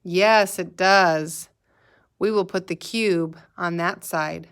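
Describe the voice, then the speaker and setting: A woman with a lowish, slightly bright voice and a clear, resonant tone teaches a kindergarten math lesson in a recorded remote class. She speaks slowly and patiently, using sing-song prompts to have the children repeat words after her.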